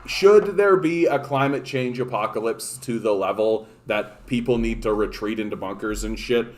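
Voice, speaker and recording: Male livestream host from Canada, mid-pitched, rambling sarcastic rant full of swearing and false starts. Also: moderate pace, a little mellow. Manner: profane, rambling, sarcastic, many restarts. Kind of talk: casual ranting livestream chat.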